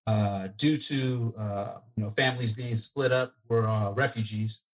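Measured man explaining as a guest. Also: fairly low pitch, fairly even intonation. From Eritrea. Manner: measured, explanatory, with many "uh" pauses. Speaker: podcast guest, attorney. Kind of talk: interview answers.

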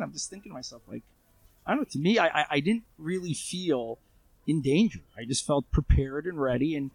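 A man's voice: fairly high pitch, expressive, brisk, gravelly, breathy edge, no echo. A man being interviewed, telling a story in a casual, conversational way with many fillers and restarts. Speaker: guest, armed civilian responder. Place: Israel.

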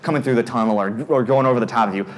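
A young man preaching to a youth group, telling a story in a lively way and acting out his own panic in character voices. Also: medium pitch, racing, heavy background noise. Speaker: youth pastor. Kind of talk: storytelling sermon.

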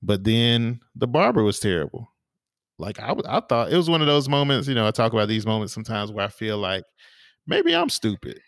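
A man co-hosting a podcast, telling stories in a relaxed, casual way with lots of fillers and restarts. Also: lowish voice, quick pace, no echo, clean studio sound. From small town in the US. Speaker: podcast co-host. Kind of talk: casual chat.

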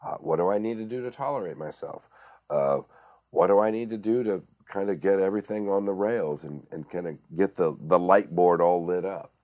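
Deep-voiced earnest man, halting speech. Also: darkish tone. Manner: earnest, halting, with many restarts and fillers. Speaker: director and actor, podcast guest. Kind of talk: casual conversation.

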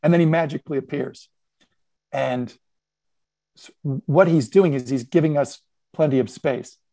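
A man's voice: fairly high pitch, a little slow, creaky, mellow, dry recording. A man on a discussion panel telling a story and reflecting on it aloud, laughing now and then as he unpacks his points. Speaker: podcast panelist. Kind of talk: conversational storytelling.

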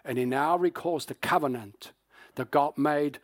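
A male pastor preaching in a fairly high voice, telling the story with lively acted-out quotes and casual fillers. The sound is dry and close. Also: unhurried, no echo. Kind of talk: sermon.

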